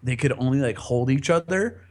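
A man's voice: mid-range voice, moderate pace, a little mellow. A rambling, laughing man telling a story. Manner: rambling, laughs often, swears freely. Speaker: podcast guest telling a story. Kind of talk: casual storytelling chat.

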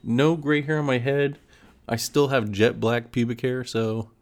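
A man's voice: mid-range voice, steady tone, measured pace. Young man laughing through a story. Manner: laughs often, acts out friends' voices. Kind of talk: casual storytelling chat.

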